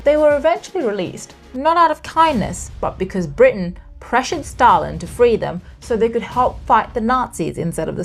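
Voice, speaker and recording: A woman narrates a history podcast with a lively, rising and falling voice, building drama and dropping in wry asides. She has a medium pitch, and faint music plays underneath. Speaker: podcast host and storyteller. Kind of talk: storytelling narration.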